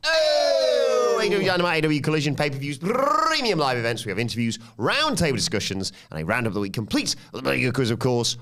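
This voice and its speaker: A man with a British accent hosting a casual wrestling podcast, joking and rattling quickly through the show's plugs. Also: mid-range voice, huge pitch swings, pushed and bright. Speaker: podcast host.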